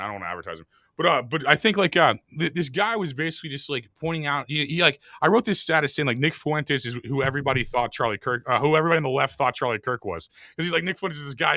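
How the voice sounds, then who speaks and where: Male host, rapid profane rants, bright edgy tone, dry close sound. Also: medium pitch, dry recording. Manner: fast, laughing, profane ranting. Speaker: podcast host. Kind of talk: casual podcast conversation.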